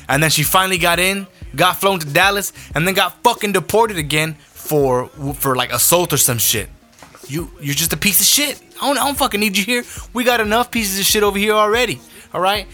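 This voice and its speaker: A man's voice: fairly high pitch, sharp tone. A young adult man hosting a podcast, ranting his opinions bluntly with heavy profanity. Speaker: podcast host.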